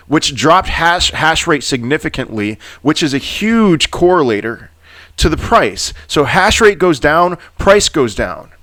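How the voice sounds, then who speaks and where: A man giving crypto market commentary in a vlog, ranting in an animated, exasperated way and often repeating words. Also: fairly high pitch. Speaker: crypto YouTuber.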